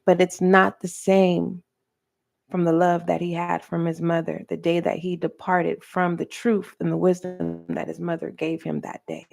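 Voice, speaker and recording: A woman reading tarot for her channel, talking earnestly and preachily to the viewer with pauses and direct address. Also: fairly low pitch, little pitch movement, gravelly, a little mellow, faint music behind. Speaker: tarot reader. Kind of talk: spiritual tarot reading monologue.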